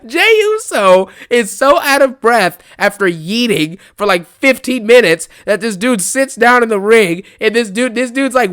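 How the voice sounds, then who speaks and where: Young male wrestling vlogger, high-pitched, smooth-toned, mocking casual rant. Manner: laughing, mocking, animated.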